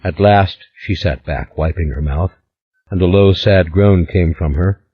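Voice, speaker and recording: A man narrating an audiobook in a measured, dramatic way. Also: deep voice, husky, lo-fi sound. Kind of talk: scripted narration.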